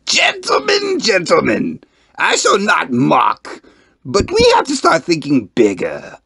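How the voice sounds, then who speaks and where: A man's voice: fairly high pitch, huge pitch swings, takes it slowly, vocal fry, pushed and bright, pitched above the performer's own voice, heavily acted. A man voicing a scheming, grinning male villain in an audio fan fiction reading. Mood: scheming, gleeful. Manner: theatrical, gleeful.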